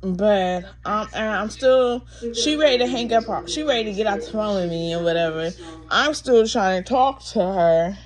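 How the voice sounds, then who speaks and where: A woman's voice: medium pitch, animated, moderate pace, crowd noise. A woman vlogging a frustrated, rambling rant while drowsy from pain pills. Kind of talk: casual ranting to camera.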